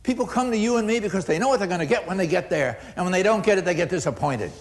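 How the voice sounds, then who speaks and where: This older man's high voice moves very fast as he leads a customer service seminar. He's an animated storyteller, performing the dialogue in his anecdotes and laughing frequently.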